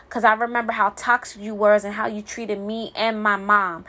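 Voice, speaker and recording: A woman's voice: medium pitch, flat delivery, moderate pace, few pauses, sharp tone. A single mother venting in a blunt, profane monologue, stumbling and repeating words when heated.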